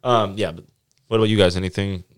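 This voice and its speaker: A man's voice: sits low, normal speed. A young man hosting a podcast, telling stories animatedly and swearing freely in casual chat. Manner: animated storyteller, swears freely, acts out quotes. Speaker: podcast host.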